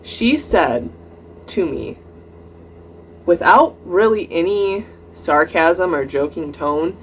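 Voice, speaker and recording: A young adult vlogger tells a story in a casual storytime way, with a mid-pitched voice that jumps up whenever they act out quoted dialogue. They lean on "like" and "I'm like" as they go. A faint noise sits under the recording. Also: takes it slowly, pauses often. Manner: animated retelling, acting out both sides of dialogue with rising pitch; frequent "like" and "I'm like" quotative fillers.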